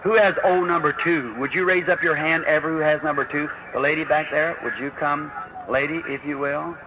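A man's voice: fairly high pitch, fairly even intonation, brisk. A man leading a revival healing service, folksy and earnest, calling out prayer card numbers and rising to fervent emphasis. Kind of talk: revival sermon and prayer line. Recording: lo-fi old recording with audible hiss.

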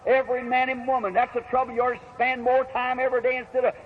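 A man with a high voice preaches a storytelling sermon in plain, folksy words. His speech has a homespun rural grammar. The recording is dull and lo-fi with a faint hiss behind it. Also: flat delivery, fast talker.

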